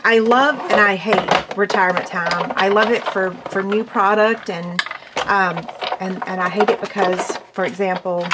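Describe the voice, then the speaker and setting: An American woman demonstrating a card craft, chatting away as she works with an excited, bubbly manner. Her voice sits at an ordinary middle pitch. Clicks and the clatter of dishes are clearly heard behind her. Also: a little slow, heavy background noise. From United States. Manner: chatty and excitable, talks while working. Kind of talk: hands-on crafting tutorial.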